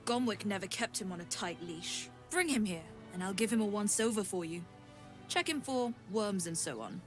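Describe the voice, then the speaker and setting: A woman's voice: mid-range voice, lively intonation, moderate pace, natural voice. Curt dog-owning courier, a woman acting her, mid-height voice, game music under. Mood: dry. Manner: curt, domineering. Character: harsh, possessive woman courier who owns a dog.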